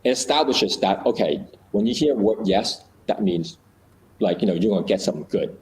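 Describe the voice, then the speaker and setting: A man with a fairly low voice talks casually and explains ideas through small scenes he acts out. He often restarts sentences and leans on fillers. A faint noise sits behind his voice. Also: big pitch swings, moderate pace, creaky, a little mellow, poor audio.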